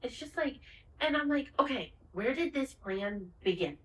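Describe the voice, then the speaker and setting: A woman co-hosting a podcast in casual chat, retelling a TV finale with lively acted-out lines and plenty of swearing. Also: high voice, moderate pace, roomy sound, far from the mic, low-quality recording. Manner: animated retelling, acts out the characters' lines, swears freely. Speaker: podcast co-host.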